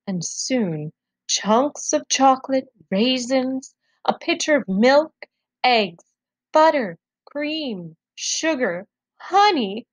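A woman reading a folktale aloud to children, expressive and measured. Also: high-pitched, dry recording. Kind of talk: children's storybook read-aloud.

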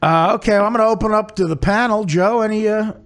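Gravelly high-voiced man, teasing host. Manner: teasing, reads aloud haltingly. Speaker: podcast host. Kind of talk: casual chat.

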